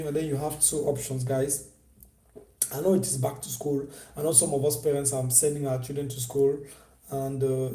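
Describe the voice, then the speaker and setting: A man with a fairly high, dark-toned voice hosts a casual live stream in an echoey room, coaching viewers on online selling in a repetitive, persuasive way.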